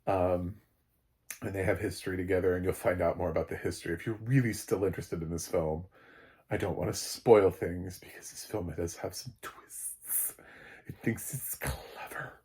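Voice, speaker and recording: A man's voice: low voice, steady tone, a little fast, darkish tone. An American man giving a casual spoken film review, blunt and sarcastic, rambling with lots of fillers and restarts. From United States. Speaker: film critic.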